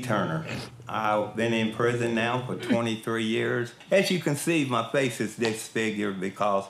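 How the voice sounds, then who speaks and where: A middle-aged man in prison shares earnest, plain-spoken personal testimony in a casual, colloquial way. His voice is fairly low, gravelly, and fairly bright in tone, recorded in an echoey room with faint music.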